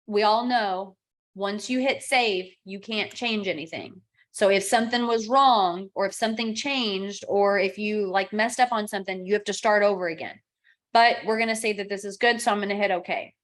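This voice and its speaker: A middle-aged woman, a real estate software coach who talks through each click of a screen-share tutorial step by step and acts out sample client texts. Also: mid-range voice.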